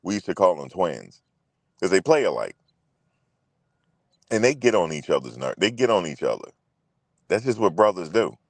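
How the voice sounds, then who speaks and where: A man's voice: low-pitched, very animated, moderate pace, long pauses, darkish tone, no echo. A man hosting a casual sports chat, loose and profane, repeating himself and talking straight to viewers. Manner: loose, profane, repetitive, talks to viewers directly. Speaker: sports show host.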